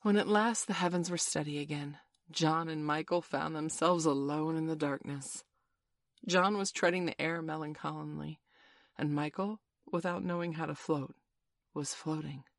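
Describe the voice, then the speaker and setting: A woman narrating a storybook in a measured, expressive reading. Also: deep voice, no echo, clean studio sound. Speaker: audiobook narrator.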